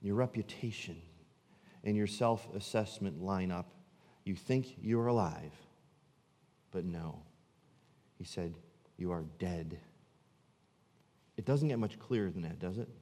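A man preaching a sermon as pastor, swinging from loud, emphatic lines to low, hushed ones. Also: a little slow, pauses often, long reverb tail.

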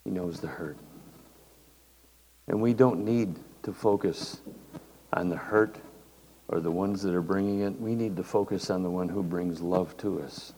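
An older man preaches in a slow, unhurried, folksy way, chatting with the congregation as he goes. His voice sits low and rings out in a large hall with a long reverb. Faint room noise lies under it. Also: mellow, husky. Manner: folksy, conversational. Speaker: pastor. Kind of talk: sermon. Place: church hall.

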